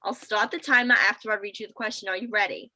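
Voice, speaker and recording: A woman's voice: mid-range voice, steady tone, fast talker, sharp tone, rough recording. A young woman playing an erratic, short-tempered interviewer with abrupt, theatrical outbursts in an amateur stage comedy. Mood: businesslike. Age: young adult.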